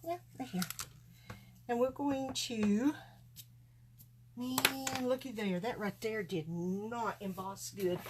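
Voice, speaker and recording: A woman's voice: a little high, fairly even intonation, slow pace, long pauses, noisy background. A woman chatting folksily to viewers as she demonstrates card making live from her craft table. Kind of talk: live-stream craft demo.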